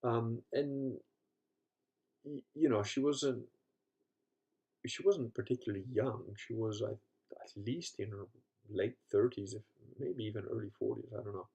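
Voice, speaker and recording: A man's voice: mid-range voice, fairly even intonation, a little slow, vocal fry, long pauses, dark tone, dull audio. A man telling casual, rambling stories full of profanity and laughter, acting out other people's lines as he goes. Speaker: podcast host. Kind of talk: casual storytelling chat.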